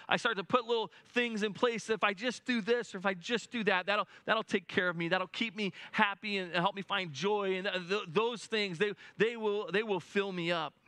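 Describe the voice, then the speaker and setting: A man preaching a sermon in an earnest way, often restarting his sentences and dropping low and soft at solemn points. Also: no echo. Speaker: pastor.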